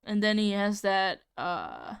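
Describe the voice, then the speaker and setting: A woman's voice: mid-range voice, wildly swooping pitch, slow pace, vocal fry, smooth, no echo, clean studio sound. A young woman live-streaming as she draws, chatting casually in a giggly, rambling, playfully exasperated way. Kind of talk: casual live-stream chat while drawing.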